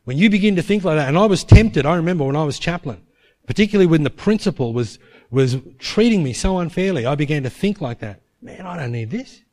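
Preacher telling a story. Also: male voice, fairly high pitch, expressive, fast talker. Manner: emphatic, acts out quoted prayers in a hushed voice. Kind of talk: sermon storytelling.

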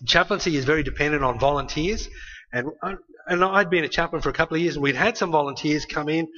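A man preaching a sermon in a conversational, animated way, often ending points with a tag question. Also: on the high side, fast talker, lo-fi sound.

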